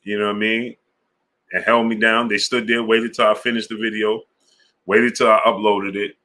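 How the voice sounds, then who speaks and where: A man hosting a sports live stream, chatting casually in slang and shouting out viewers by name. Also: fairly low pitch, little pitch movement, normal speed. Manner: laid-back, slang-heavy, shouting out viewers. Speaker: sports channel host. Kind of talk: casual live-stream chat reading super chats.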